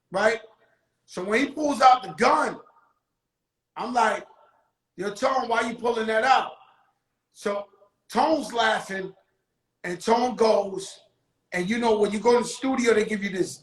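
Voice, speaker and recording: A man hosting a show, telling a casual, animated story full of profanity with bursts of shouting. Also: extremely high pitch. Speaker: show host. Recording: roomy echo.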